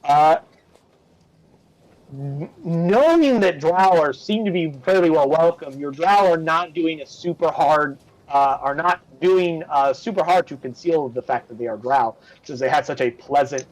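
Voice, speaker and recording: A man's voice: a little high, darkish tone, rough recording. A man narrating a tabletop game as game master, casual and rambling with many fillers.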